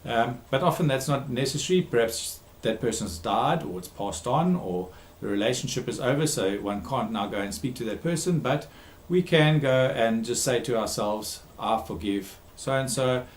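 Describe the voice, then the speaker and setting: A man who works as a therapist gives a recorded talk, speaking emphatically, repeating key words and pausing with frequent ums. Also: mid-range voice, expressive, reverberant. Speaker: therapist giving a talk series.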